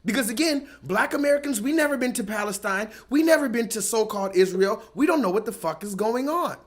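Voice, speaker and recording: A male host giving a profane, emphatic, animated commentary rant. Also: high-pitched, fairly quick. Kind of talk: ranting commentary.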